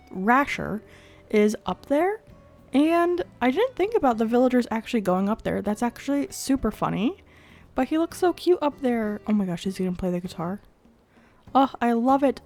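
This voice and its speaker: A young woman with a slightly high voice hosts a gaming channel in a casual, chatty way. She sounds congested from a cold and talks upbeat, thinking aloud as she plans and builds. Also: dark tone. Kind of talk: casual gameplay commentary.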